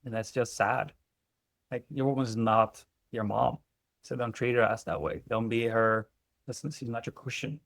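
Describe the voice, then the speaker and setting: A man's voice: mid-range voice, fairly even intonation, moderate pace, gravelly, a bit bright, dry recording, studio quality. A man working as a relationship coach, talking bluntly and emphatically with frequent swearing in an interview. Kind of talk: candid interview conversation.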